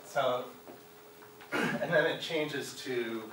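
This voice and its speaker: Speaking very slowly in a mid-range voice, a middle-aged Chicagoan gives a guest lecture in a college classroom and keeps asking his audience "right?". The background is noisy, the room echoes, and the mic sits far off.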